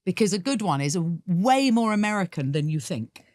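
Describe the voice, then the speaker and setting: A woman's voice: medium pitch, sing-song, a little fast, a little mellow, no echo, studio quality. A middle-aged woman, a musical theatre actress, talking candidly and laughing easily in a podcast interview. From England.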